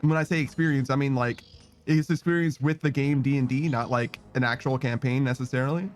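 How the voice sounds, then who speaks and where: A man's voice: mid-range voice, fairly even intonation, a little fast, faint music behind. A man streaming a game in casual chat, reading messages aloud, rambling, swearing often and laughing a lot.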